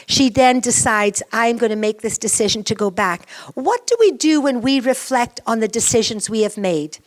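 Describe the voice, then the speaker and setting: Woman preaching with rhetorical questions. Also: fairly high pitch. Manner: animated, full of rhetorical questions. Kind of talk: conversational sermon. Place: church.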